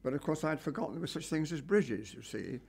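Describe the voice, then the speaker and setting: A man's voice: on the high side, animated, fast, vocal fry, a little mellow, slightly rough. An older man telling a rambling anecdote about a documentary shoot, with wry asides. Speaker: documentary cameraman recalling a shoot. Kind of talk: anecdotal reminiscence.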